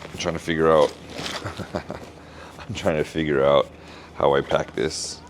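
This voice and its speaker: A man, a keynote speaker, chatting casually in a travel vlog and thinking out loud in a rambling way. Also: rumbling low, steady tone, measured pace, a little hiss or hum.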